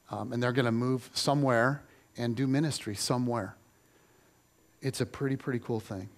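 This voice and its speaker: A middle-aged male pastor preaching a sermon, telling stories with lively repetition for emphasis. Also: mid-range voice. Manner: animated storytelling, repeats phrases for emphasis.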